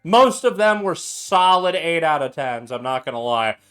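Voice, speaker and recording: A man's voice: a little high, animated, normal speed, fairly bright tone, faint music behind. A young man chatting casually at his home bar, tipsy, loose and profane, laughing a lot. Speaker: streamer making cocktails. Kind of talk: casual chat.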